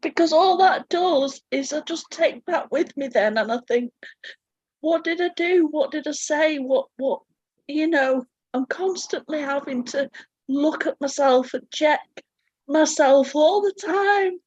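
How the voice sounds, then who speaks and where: A woman's voice: high voice, lively intonation, measured pace, darkish tone, dry recording. A woman sharing candidly and tearfully in a spiritual group call, swearing freely. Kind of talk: emotional sharing. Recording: dry, muffled audio.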